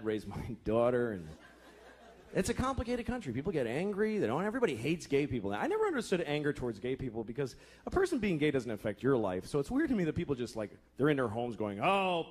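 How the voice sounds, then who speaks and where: A man in his thirties doing a profane stand-up routine, exasperated, slipping into quick character voices. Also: medium pitch, very animated, darkish tone. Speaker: stand-up comedian. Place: comedy club stage with laughing audience. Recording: live club recording with audience noise. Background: audience laughter.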